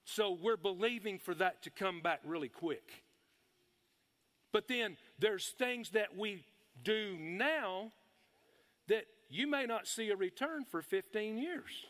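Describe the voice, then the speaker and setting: A middle-aged man preaching a sermon, folksy and excitable, breaking into shouts of praise. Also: high-pitched, takes it slowly. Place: church hall. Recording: long hall reverb.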